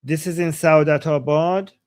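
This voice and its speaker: A man hosting a casual live stream, reacting with excitement to protest videos and translating the chants for his viewers. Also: fairly high pitch, normal speed. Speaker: political commentary host. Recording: loud background noise.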